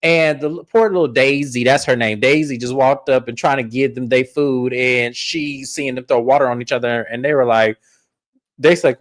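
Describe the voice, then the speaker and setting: A man hosting a casual reality-TV recap, telling the story in an animated, profane way. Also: mid-range voice, normal speed. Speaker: podcast host.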